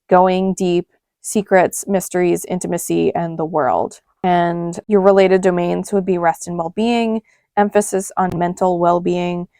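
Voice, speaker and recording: A young adult woman talks through a planner tutorial in a relaxed, chatty way, pausing now and then to correct herself. Her voice sits low with a gravelly edge yet stays smooth and clear. The sound is dry and close. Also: no echo. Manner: chatty, self-correcting, talks while pointing at pages. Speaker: planner creator and astrology guide. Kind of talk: casual tutorial walkthrough.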